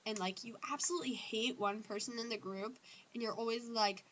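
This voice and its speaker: A teenage girl ranting casually to her camera about things she hates, acting out other people's lines in squeaky voices. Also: brisk, noisy background. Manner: animated, acts out others in high squeals. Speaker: vlogger. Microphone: built-in camera mic.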